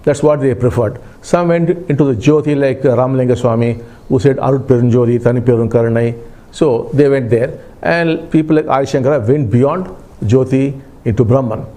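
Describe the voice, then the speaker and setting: A man giving a spiritual discourse, explaining step by step in a calm, repetitive way. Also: medium pitch, moderate pace. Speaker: spiritual teacher.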